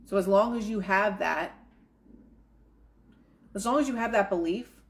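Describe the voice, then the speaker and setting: A woman's voice: medium pitch, measured pace. A woman reading aloud from a self-help book and breaking off into casual, chatty commentary, slipping into quoted inner voices. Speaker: manifestation coach.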